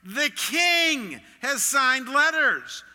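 A man voicing a boastful, proud man who brags about having the king behind him, loud and swaggering, in a reverberant hall. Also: very high voice, big pitch swings, drawn-out words, voice pushed up, full character voice. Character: boastful proud man flaunting royal backing.

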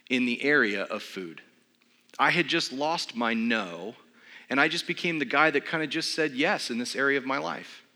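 A man preaches to his congregation, spinning a self-deprecating story with easy comic timing. His voice is bright and forward, and it rings out with a long hall reverb, as in a large sanctuary. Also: medium pitch. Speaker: pastor. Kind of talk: humorous storytelling sermon.

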